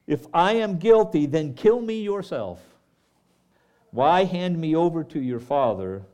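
A man preaching in church, reading a long passage aloud and stepping out of it to comment directly to his listeners. His voice sits a little high and moves widely up and down as he goes. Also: unhurried. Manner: animated, asides to the congregation. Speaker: pastor. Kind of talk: sermon with scripture reading.

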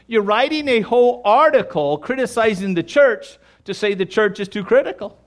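Animated high-voiced male preacher. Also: moderate pace. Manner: emphatic, addresses the congregation directly; acts out quoted voices in dialogue. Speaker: pastor. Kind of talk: sermon.

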